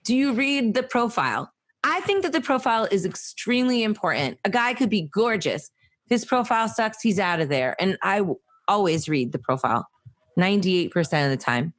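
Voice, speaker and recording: A woman's voice: mid-range voice, lively intonation, brisk. A woman podcast host with a New Jersey accent, asking direct questions and teasing her guest in casual chat.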